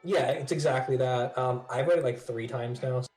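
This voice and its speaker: A man co-hosting a podcast in casual chat, excitable, swearing and laughing often, recorded in an echoey room. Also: mid-range voice, normal speed, soft background music. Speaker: podcast co-host.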